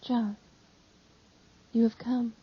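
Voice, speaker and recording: A woman voicing a gentle, heartbroken grieving mother who speaks softly in short, paused sentences. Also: fairly high pitch, little pitch movement, slightly rough, full character voice. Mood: tender. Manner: soft, hushed, speaks in short pauses as if panting. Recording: slightly dull lo-fi audio.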